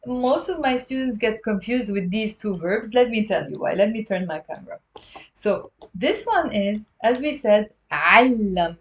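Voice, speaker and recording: Woman, online language teacher, patient, drills sounds slowly, mid-pitched voice, live-stream lesson on a webcam mic. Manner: patient, explains step by step and drills pronunciation; answers viewer questions from live chat.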